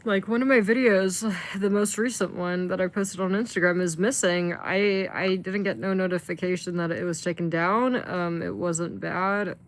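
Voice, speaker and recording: A woman's voice: on the low side, fairly even intonation, moderate pace, hardly any pauses. Rambling, cursing woman livestreamer. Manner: rambling, swears when frustrated, filler-heavy. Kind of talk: casual livestream chat.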